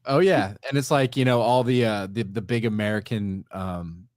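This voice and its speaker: A man's voice: on the low side, moderate pace, darkish tone, no echo, studio quality. A man in his forties hosting a podcast, talking in an easygoing, agreeable way with frequent restarts. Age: 40s. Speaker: podcast host. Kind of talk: casual podcast chat.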